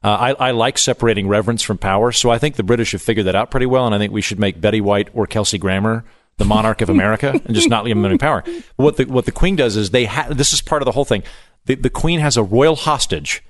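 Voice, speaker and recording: Fast-talking jokey man, dry mic. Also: lowish voice, no room sound. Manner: fast, rambling, jokey with many restarts. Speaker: guest comedian. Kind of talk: casual chat.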